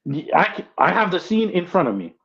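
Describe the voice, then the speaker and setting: A man's voice: high voice, sing-song, fairly quick, gravelly, fairly bright tone. A man co-hosting a casual pop-culture podcast, insistent and argumentative, repeating his points firmly. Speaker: podcast co-host. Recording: slightly dull lo-fi sound.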